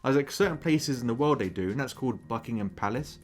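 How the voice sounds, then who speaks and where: An English man giving a chatty, animated film review on his own video channel, now and then mocking a posh voice. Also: mid-range voice, fast. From England.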